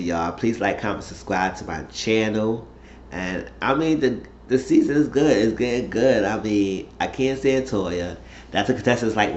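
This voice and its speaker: A man with a low voice casually recaps a reality TV episode, rambling through the plot in loose, slangy talk. There's a slight hiss or hum, and the recording sounds roomy, dull and lo-fi.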